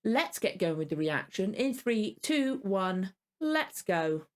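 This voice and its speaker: A woman's voice: mid-range voice, big pitch swings, takes it slowly. A tired woman hosting a reaction video, rambling casually and apologizing often. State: tired and yawning.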